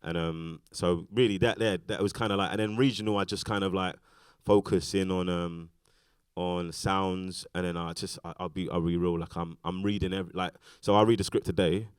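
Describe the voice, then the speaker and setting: British guy rambling on stage, real deep voice, dry close sound. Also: steady tone, moderate pace, clear, resonant tone, no echo. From Britain. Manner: rambling, lots of fillers and restarts. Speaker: actor, interview guest. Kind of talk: casual onstage conversation. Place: festival stage talk.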